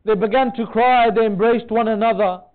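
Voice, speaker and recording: A man with a strikingly high voice delivers an impassioned mourning sermon, pleading with the gathering before him. The sound is thin and phone-like, as from a lo-fi recording. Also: fairly even intonation, moderate pace. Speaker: majlis speaker. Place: religious centre hall.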